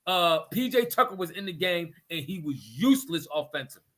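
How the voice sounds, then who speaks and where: Excitable high-voiced man arguing sports. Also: brisk. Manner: emphatic, argues point by point, laughs often. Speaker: podcast co-host. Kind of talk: heated sports debate.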